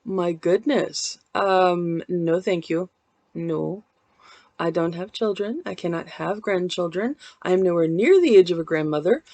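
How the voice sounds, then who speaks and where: A woman's voice: fairly low pitch, unhurried, warm tone, no echo. A woman in her forties vlogging from home into a laptop mic, chatting in a meandering, candid, self-deprecating way. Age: 40s. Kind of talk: casual vlog chat.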